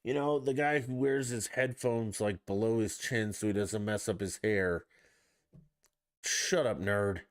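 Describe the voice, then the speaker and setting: Low-voiced man ranting on a podcast. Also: fairly even intonation, a little slow. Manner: ranting, profane, exasperated. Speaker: podcast host. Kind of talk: solo sports rant podcast.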